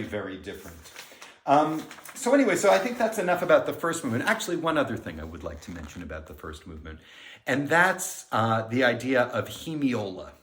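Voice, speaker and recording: A middle-aged man, a music director, giving a pre-concert talk and explaining the music in an unhurried, friendly lecturing way. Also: mid-range voice. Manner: explanatory, counts beats aloud and sings themes. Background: piano.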